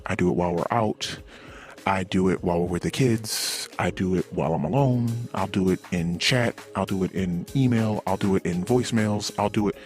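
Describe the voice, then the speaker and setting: A man's voice: deep voice, moderate pace, faint music behind. A man recording a personal diary monologue, ranting bluntly and profanely with exasperation. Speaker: anonymous podcast diarist.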